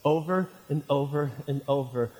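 Energetic preaching pastor in a reverberant hall. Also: male voice, on the high side, normal speed. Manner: preaching with call-and-response questions, voice swinging from shouts to near hush. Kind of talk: sermon. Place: church sanctuary. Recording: long hall reverb of a church.

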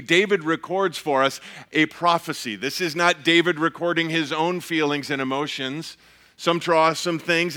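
A pastor giving an earnest, measured sermon, often restarting his phrases. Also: on the high side, bright, forceful tone.

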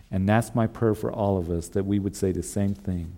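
A man's voice: low-pitched, fairly even intonation, normal speed, hardly any pauses, dark tone. A male pastor preaching a sermon in an earnest way, repeating emphatic refrains.

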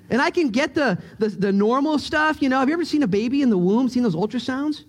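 A male pastor preaching a sermon in a church, joking and excitable as he tells stories. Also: very high-pitched, quick pace. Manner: animated, joking, excitable storyteller. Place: church sanctuary.

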